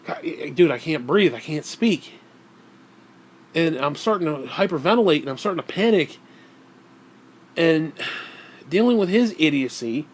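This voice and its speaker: A man's voice: on the high side, expressive, a little slow, long pauses. A man vlogging, telling a story in a casual, rambling way, swearing often and sounding exasperated.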